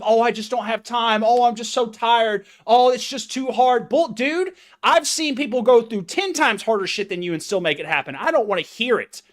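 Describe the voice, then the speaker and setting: A man's voice: very high-pitched, a bit bright. A fitness coach delivering a blunt, profane, confrontational motivational rant straight to his viewers.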